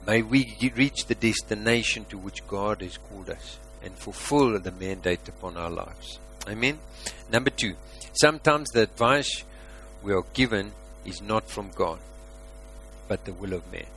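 A man preaching a sermon as a pastor, asking rhetorical questions and swinging between loud emphasis and quiet asides. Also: fairly low pitch, slight background noise, rough recording.

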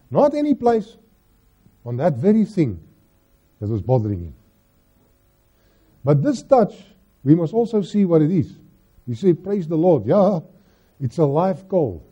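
A middle-aged man with a South African accent preaching a sermon, slipping Afrikaans phrases into his English and swinging between loud scripture reading and hushed pleading. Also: fairly high pitch, slightly rough, muffled recording. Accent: South African English, Afrikaans-inflected.

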